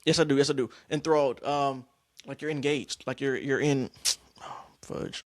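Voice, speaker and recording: A young man hosting a podcast, casually telling stories about acting class, slangy and animated. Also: medium pitch, moderate pace, no echo, studio quality. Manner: animated, acts out scene lines, slangy. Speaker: podcast host.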